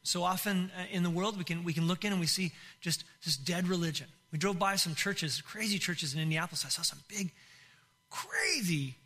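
A man's voice: high voice, fast talker, hardly any pauses, bright, forceful tone. A male pastor preaching a sermon in an impassioned way, with many restarts and repeated phrases.

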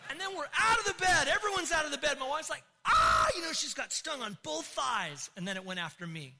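A middle-aged man, a pastor, telling a comic story in a sermon, animated and bursting into shouts. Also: very high voice, quick pace, vocal fry, background noise.

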